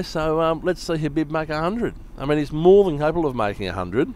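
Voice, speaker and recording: A man's voice: on the high side, animated, fairly quick, a little mellow. A man giving casual live cricket commentary, chatty and joking and often laughing.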